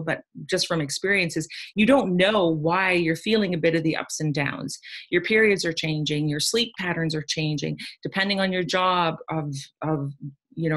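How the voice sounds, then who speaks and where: Woman with a very low voice, rambling guest in a chat. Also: fairly bright tone. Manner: rambling, searching for words. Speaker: panel guest. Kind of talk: casual chat.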